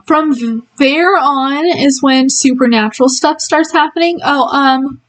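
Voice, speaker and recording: Woman going over a book plot real slow, lots of ums, bit higher voice. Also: rough recording. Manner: rambling retelling with many ums and giggles. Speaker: book reviewer. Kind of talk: casual spoiler book review.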